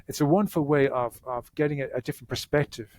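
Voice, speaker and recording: A man's voice: mid-range voice, quick pace, darkish tone, dry recording. A man, a therapist answering podcast interview questions in an earnest way, often repeating words as he starts a sentence.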